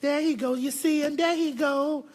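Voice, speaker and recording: A woman vlogger telling a story at home in a casual, emphatic and animated way. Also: high-pitched, normal speed. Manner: emphatic and animated, often addressing viewers as "girl". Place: home, indoors.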